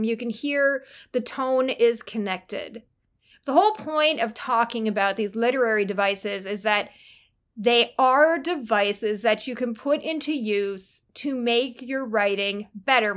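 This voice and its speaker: Chatty woman teaching writing tips. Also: a little high. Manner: chatty and playful, jokes while explaining. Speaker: writing coach. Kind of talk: casual teaching talk on writing.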